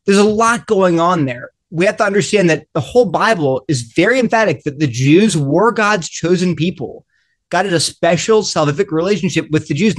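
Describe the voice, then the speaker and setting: A man, a guest author in a panel discussion, explaining with lively, acted-out quotes. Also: high voice.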